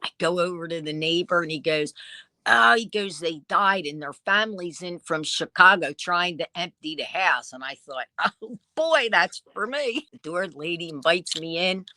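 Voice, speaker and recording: Bright, lively woman storyteller. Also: fairly low pitch, moderate pace, dry recording. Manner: lively storyteller who acts out quoted dialogue. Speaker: vintage dealer and online seller. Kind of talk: casual storytelling interview.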